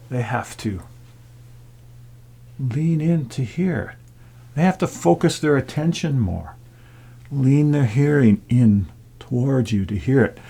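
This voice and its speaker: Gravelly, husky man musing softly. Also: mid-range voice. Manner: reflective, drops often into a soft whisper to show quiet sound. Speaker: gong player and sound healer. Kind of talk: casual talk to camera.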